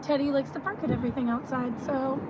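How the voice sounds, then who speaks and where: A young adult woman co-hosting a casual podcast outdoors, chatty and quick to laugh. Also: sits high, steady tone. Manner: chatty, laughs easily, Southern "y'all". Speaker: podcast co-host. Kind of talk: casual chat. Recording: dull lo-fi outdoor audio with traffic noise.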